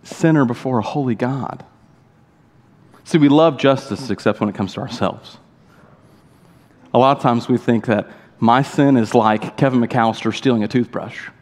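A man preaching a sermon as a pastor, emphatic and full of rhetorical questions and quick asides. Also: medium pitch, darkish tone. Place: church sanctuary. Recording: long hall reverb in a church sanctuary.

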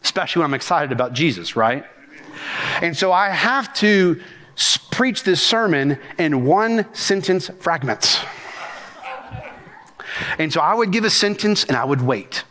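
Animated, rhythmic male preacher. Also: on the high side, a little slow, pauses often, big-room sound. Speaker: pastor. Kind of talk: sermon.

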